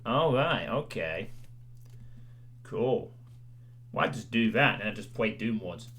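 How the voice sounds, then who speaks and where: A male streamer with a lowish, fairly bright and expressive voice takes his time as he chats casually with viewers. His talk is rambling and self-deprecating, with frequent "you know"s.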